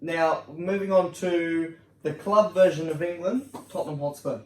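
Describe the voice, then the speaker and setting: Casting: higher male host, bantering, set back from the mic with faint hiss. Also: a little mellow, far from the mic. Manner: quick banter, laughs easily. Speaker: podcast host. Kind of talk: casual football chat. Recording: roomy sound from off-mic, faint noise.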